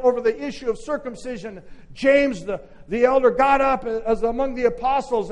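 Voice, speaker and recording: A man preaching a sermon as pastor, swinging from shouted declarations to hushed, quiet passages. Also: extremely high pitch. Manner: impassioned preaching, swinging from shouts to near whispers.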